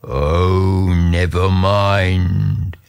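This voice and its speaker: A man voicing an invisible, weary wind spirit, speaking low, slow and drawn out. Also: level tone, gravelly, darkish tone, clean tone, heavily acted.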